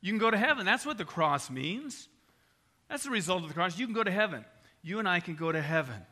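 Bright, animated older male preacher. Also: high voice, fairly quick. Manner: conversational and animated, with anecdotes. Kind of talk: evangelistic sermon.

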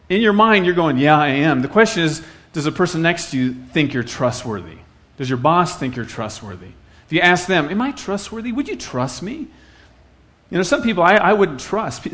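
A man's voice: fairly high pitch, a bit bright. A middle-aged man from Iowa preaching a sermon in an earnest, conversational way, telling stories and repeating phrases for effect. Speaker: pastor.

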